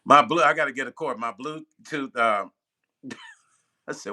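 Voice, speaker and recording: Bright-voiced man chatting casually on a live stream. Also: medium pitch, normal speed. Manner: loose and chatty, repeats himself, laughs at his own slips. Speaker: music producer hosting a live stream.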